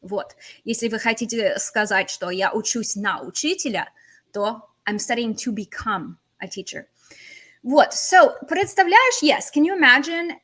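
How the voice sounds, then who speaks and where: A woman teaching a language lesson on a livestream, animated, switching between languages as she explains. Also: on the high side, moderate pace. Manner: animated, switches between English, Russian and Portuguese.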